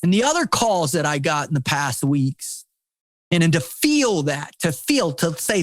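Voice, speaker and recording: A man's voice: high-pitched, very animated, unhurried, a bit bright, dry recording. A middle-aged man, a podcast guest and former Navy SEAL, talking in an intense, preachy way with lots of swearing, repeated words and "man.". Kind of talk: impassioned casual conversation.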